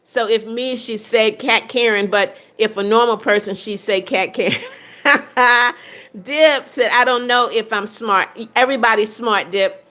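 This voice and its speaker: A woman's voice: on the high side, moderate pace, hardly any pauses, fairly bright tone. A woman in her seventies hosting a livestream, casually reading viewers' comments aloud and greeting them by name. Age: 70s. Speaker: livestream host.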